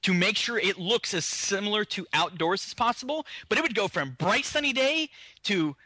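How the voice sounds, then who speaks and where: A man's voice: high-pitched, lively intonation, moderate pace, sharp tone, no echo. A man co-hosting a podcast, complaining wryly and laughing about a film in casual chat. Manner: wry, laughs often while complaining. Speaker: podcast co-host. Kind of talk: casual movie review chat.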